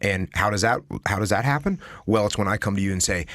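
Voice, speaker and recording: A man's voice: on the low side, expressive, fast, few pauses, fairly bright tone, no room sound, studio quality. A man guest on a podcast, talking emphatically and acting out example conversations. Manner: emphatic, acts out example dialogues. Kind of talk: casual conversation.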